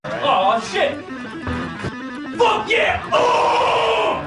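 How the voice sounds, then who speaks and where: Rowdy arcade gamer, crude shrieking triumph, echoey film audio. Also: male voice, very high-pitched, sing-song, very slow, gravelly, a crowd in the background, heavily acted. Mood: ecstatic yelling. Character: rowdy young man cheering at an arcade game. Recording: echoey film clip with loud music. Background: guitar music.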